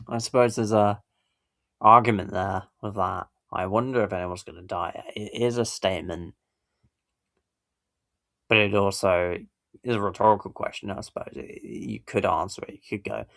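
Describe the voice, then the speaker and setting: A man's voice: fairly low pitch, fairly even intonation, moderate pace, vocal fry, long pauses, a bit bright, no room sound, clean studio sound. A man hosting a casual reaction video, rambling and correcting himself with little chuckles. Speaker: YouTube reaction host.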